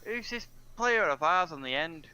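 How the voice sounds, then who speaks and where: A man in casual gaming voice chat, explaining things to the group in a relaxed way. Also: fairly high pitch, moderate pace, clear, resonant tone.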